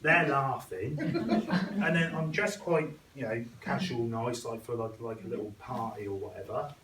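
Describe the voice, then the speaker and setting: A man's voice: mid-range voice, unhurried, a loud crowd. A young man gives a chatty, self-deprecating speech to an audience, acting out what other people said. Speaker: guest speaker. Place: school hall. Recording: echoey hall, picked up from a distance.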